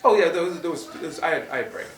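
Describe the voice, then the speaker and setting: Brief: slightly high male voice, lively retelling, heard from a distance in a roomy space. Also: racing, crowd noise. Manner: animated, acts out quotes loudly, many restarts. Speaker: martial arts instructor co-host. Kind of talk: casual storytelling chat. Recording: roomy echo, distant from mic.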